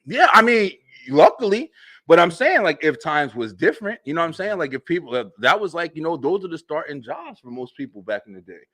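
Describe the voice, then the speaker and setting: A young man with a high, lively voice tells rowdy stories on a web show, laughing often and swearing freely. His pitch swings up sharply when he gets excited. The sound is dry and close. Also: brisk, dry recording. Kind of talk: casual comedic storytelling.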